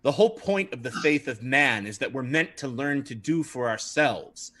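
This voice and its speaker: A calm, earnest lady knight, voiced by a game master in a tabletop game, speaking in a level, lecturing tone. The voice stays close to a man's own bright talking voice. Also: medium pitch, normal speed.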